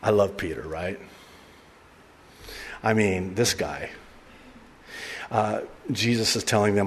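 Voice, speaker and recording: A man's voice: fairly low pitch, slow, long pauses, slight background noise. A man preaching a sermon, telling the story animatedly and acting out voices with humor. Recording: distant voice with long hall reverb, faint ambience.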